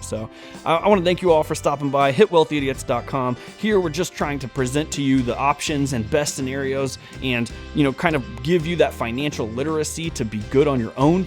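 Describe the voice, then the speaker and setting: A man hosting a finance channel, giving heated, exasperated reaction commentary with emphatic stresses. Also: mid-range voice.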